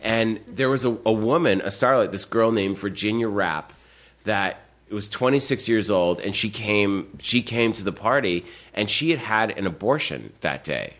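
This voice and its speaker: A man as a podcast guest, telling stories in a casual chat, animated and full of fillers and laughter. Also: on the low side, normal speed.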